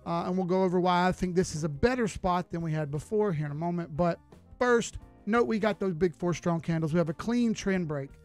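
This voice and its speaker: A man's voice: high-pitched, brisk, soft background music. A man giving live chart analysis on a stream, talking casually and greeting viewers as he goes. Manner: casual, folksy, chats with viewers while reading charts.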